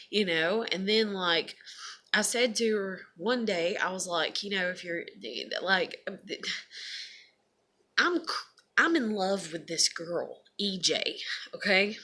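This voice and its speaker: A woman's voice: mid-range voice, lively intonation, slow pace, bright, forceful tone. A woman talking casually to camera in a confessional vlog, rambling with lots of fillers and swearing. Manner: rambling, profane, many fillers. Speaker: vlogger.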